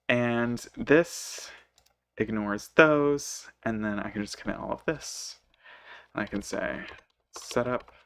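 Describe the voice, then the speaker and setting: A man's voice: lowish voice, vocal fry, a bit bright, no room sound. A man working through code while thinking aloud, hesitant and self-correcting, muttering to himself and sounding sleepy. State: sleepy, yawning. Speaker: programmer live coding.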